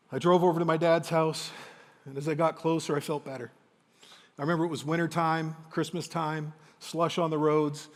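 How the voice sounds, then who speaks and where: Guy in his 50s giving a keynote, kinda high voice, big hall reverb, slows way down for effect. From Windsor, Ontario, Canada. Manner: dramatic, emotional, with slow weighty pauses. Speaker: motivational speaker. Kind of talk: stage keynote storytelling.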